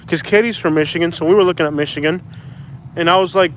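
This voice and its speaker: Streaming live from beside a bridge, a man in his thirties talks fast in a high, fairly bright voice, with a little hiss or hum in the audio. The vlogger rambles casually and pushes back against his viewers.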